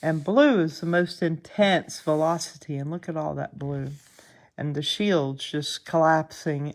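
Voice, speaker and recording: A woman with a Southern US accent, just woken up and sleepy, chatting casually through a live stream as she thinks aloud over space weather charts. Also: low-pitched. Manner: chatty, laughs often, thinks aloud while scanning charts.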